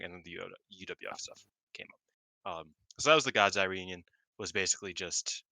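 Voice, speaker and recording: Bright, excitable low-voiced man. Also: fast talker, no echo. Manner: excitable, swears, long-winded, laughs often. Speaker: podcast co-host. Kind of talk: casual wrestling review chat.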